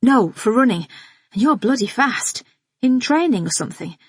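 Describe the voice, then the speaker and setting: A woman's voice: mid-range voice, lively intonation, unhurried, slightly rough, no room sound. A woman reading an audiobook, voicing a flustered man who stumbles through breathless apologies. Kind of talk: audiobook character voice.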